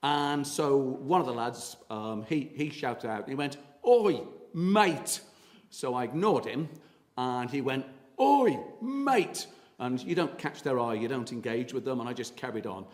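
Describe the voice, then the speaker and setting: A man's voice: mid-range voice, moderate pace. A man giving a public history talk as a tour guide, chatty and full of ums and uhs.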